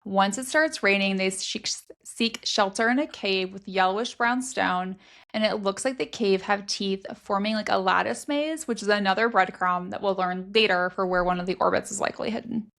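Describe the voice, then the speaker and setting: A woman co-hosting a podcast, recapping a book casually with quick asides. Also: medium pitch, vocal fry, fairly bright tone. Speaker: podcast co-host.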